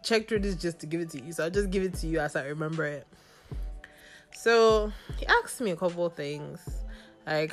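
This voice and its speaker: Podcast host, woman, sassy storyteller with a lowish voice. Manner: animated, laughing, playfully sassy. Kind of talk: casual storytelling.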